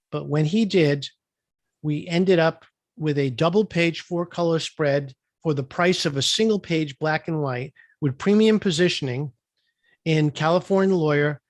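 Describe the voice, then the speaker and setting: In an interview with no room sound, a man whose voice sits on the high side shares a business story as a guest entrepreneur. He tells it with energy, performing the quoted lines himself.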